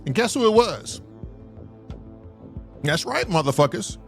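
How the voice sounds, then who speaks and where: An animated man tells a story live, his pitch swinging wide and sitting a little high. He curses freely and acts out the other people's voices. Faint music plays behind him. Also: a little slow, gravelly. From Southern California. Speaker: co-host telling a story.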